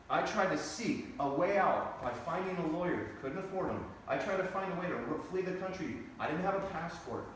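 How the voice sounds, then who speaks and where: A man's voice: on the high side, a little hiss or hum. Earnest man in a very echoey room. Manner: earnest, builds to intense emphatic bursts. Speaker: speaker giving a testimony. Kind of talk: personal testimony. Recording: very echoey, distant from the mic.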